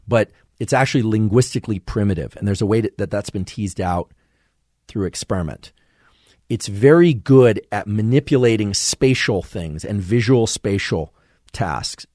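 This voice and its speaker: A man hosting a podcast, giving a measured, professorial solo explanation of science. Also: lowish voice, darkish tone, dry recording, clean studio sound. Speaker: podcast host.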